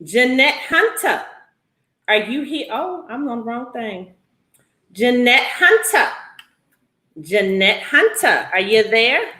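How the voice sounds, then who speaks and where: Goofy high-voiced woman hosting a livestream. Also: very animated, takes it slowly, pauses often, pushed and bright, echoey room. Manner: playful and goofy, calls names out repeatedly. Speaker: host. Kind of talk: live-stream giveaway, casual chat.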